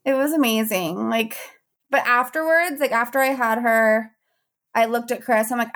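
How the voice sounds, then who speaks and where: A woman's voice: fairly high pitch, a little fast. Chatty young woman telling a funny story. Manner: animated, laughing often, acting out quotes. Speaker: podcast host telling her birth story. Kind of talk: casual storytelling chat. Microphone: podcast mic.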